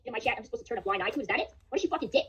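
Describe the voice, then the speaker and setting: Young woman streamer, super fast angry rant, husky voice, cusses nonstop. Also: a little high, expressive, a bit bright, dull audio. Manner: furious, swears constantly. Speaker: live streamer.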